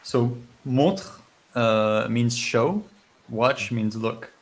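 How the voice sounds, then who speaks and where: A man in a casual chat speaking in a measured, explanatory way and sharing trivia. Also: medium pitch, poor audio.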